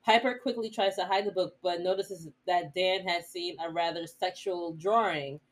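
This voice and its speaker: Animated giggly woman recapping TV. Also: normal speed. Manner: animated, jumpy pitch, giggly. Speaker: podcast co-host. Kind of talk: casual TV episode recap.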